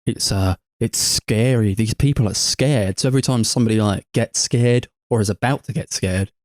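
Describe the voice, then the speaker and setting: A man, a podcast co-host, chatting casually about films, animated and swearing freely with frequent laughs. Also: on the low side, moderate pace, no room sound, studio quality. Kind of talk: casual film review chat.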